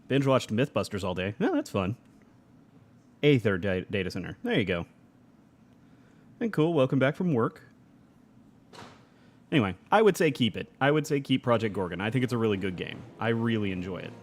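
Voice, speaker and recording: A man's voice: fairly low pitch, very animated, moderate pace, pauses often. A young adult man streaming a game live, chatting casually, reading chat aloud and laughing often.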